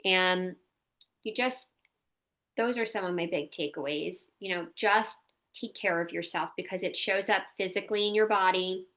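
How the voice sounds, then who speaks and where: A woman's voice: fairly low pitch, moderate pace, fairly bright tone. A woman in her thirties hosting a podcast, talking candidly and casually, with lots of "like" and the odd swear. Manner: candid, chatty, peppered with "like" and mild swearing. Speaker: podcast host.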